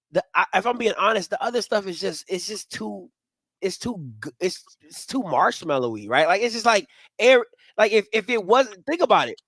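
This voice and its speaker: A man with a fairly high voice that swoops up and down as he talks sports. His delivery is frank and casual, and he swears without holding back. The sound is dry and close, with no room around him. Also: normal speed, husky, dry recording. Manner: animated, frank, swears freely. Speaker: podcast host.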